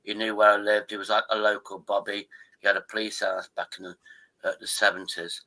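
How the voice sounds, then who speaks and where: Brief: older man in his sixties, sharp bright tone, rambling and sweary, livestream host on a call. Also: lowish voice, little pitch movement, fairly quick, rough recording. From Derbyshire, England. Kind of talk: casual chat.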